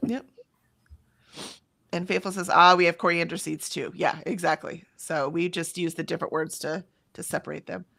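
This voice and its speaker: A woman's voice: lowish voice, steady tone, moderate pace, vocal fry, bright, forceful tone, no echo. An American woman with a general, accentless American voice, chatting casually on a livestream, reading out chat comments with frequent ums. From United States. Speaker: livestream co-host.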